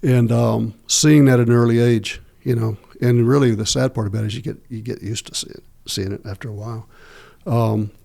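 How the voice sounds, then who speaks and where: Man, middle-aged, gravelly and mellow, flat delivery, halting storyteller with lots of ums. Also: medium pitch. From United States. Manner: slow, halting, many fillers and restarts. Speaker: podcast guest. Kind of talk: long-form interview storytelling.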